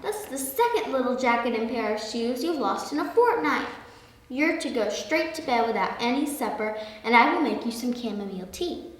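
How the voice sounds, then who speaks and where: A woman's voice: a little high, animated, moderate pace, natural voice. A woman voicing a stern mother rabbit in a storybook reading, firm and scolding. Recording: echoey hall, far from mic.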